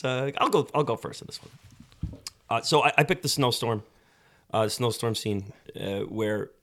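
A man talks films on a casual podcast, letting his thoughts wander as he goes. His voice sits a little low. The talk is loose and unscripted. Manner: rambling, thinking aloud. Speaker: podcast co-host. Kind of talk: casual movie discussion.

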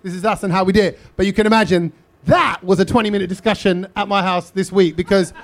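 A man with a fairly high voice hosts a comedy podcast in front of a live theatre audience. He talks into a stage mic and teases the crowd with cheeky banter. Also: steady tone, quick pace. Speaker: podcast host.

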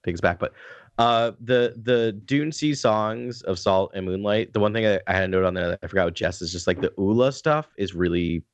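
A man's voice: fairly low pitch, fairly quick, dry recording. Dry-voiced man rambling casually. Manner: rambling, lots of fillers and restarts. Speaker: podcast co-host. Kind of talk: casual discussion.

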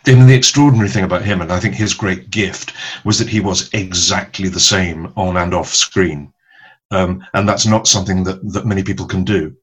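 Husky older actor telling stories. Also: male voice, sits low, rough recording. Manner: storytelling, halting with many ums and restarts. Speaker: actor, guest. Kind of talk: relaxed interview anecdotes.

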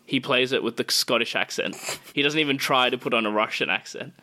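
A young man co-hosting a casual podcast, reading out jokey deadpan scores in a film review with crude slang. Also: mid-range voice, a little fast. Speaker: podcast co-host.

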